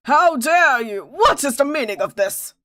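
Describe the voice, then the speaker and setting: A woman's voice: low-pitched, big pitch swings, normal speed, soft background music. A woman voicing a pompous, easily flustered elderly male judge in a game, formal and stuffy.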